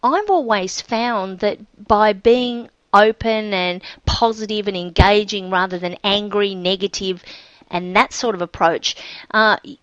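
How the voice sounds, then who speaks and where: A woman's voice: mid-range voice, fairly bright tone, dry recording. Woman host, dry lo-fi recording. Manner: friendly, summarizing, "um" fillers. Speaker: podcast host. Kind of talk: interview hosting.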